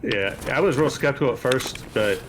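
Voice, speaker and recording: A man from Kentucky playing along with a streamer, answering questions in a relaxed, hesitant way. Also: medium pitch, normal speed, a little hiss or hum. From Kentucky, USA. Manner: relaxed, hesitant, many fillers and restarts. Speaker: guest player. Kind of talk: casual gaming chat.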